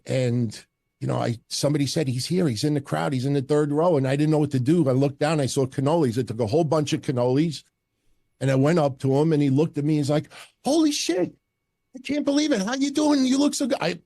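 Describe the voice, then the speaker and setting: In a dry, clean studio recording, a middle-aged man whose voice sits on the high side spins blunt, profane stories. He's a wrestling podcast host guesting on a casual interview, and he tells his tales with animation.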